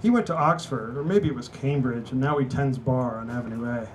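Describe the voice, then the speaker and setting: A man's voice: mid-range voice, fairly quick, slight background noise, poor audio. A man, an author, reading his novel aloud in a wry, conversational storytelling manner at a book party. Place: indoor venue at a book party.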